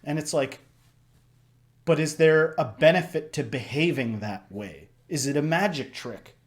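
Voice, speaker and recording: A man hosting a casual reaction discussion, talking in an animated way that swings up and down. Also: unhurried. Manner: animated, shifts pitch and loudness a lot, acts out voices. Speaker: reaction video host.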